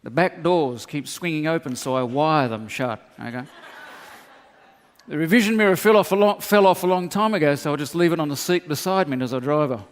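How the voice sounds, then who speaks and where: Animated pastor in a reverberant hall. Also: male voice, on the high side, a little fast. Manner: animated, acts out voices in his stories. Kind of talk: sermon with comic storytelling.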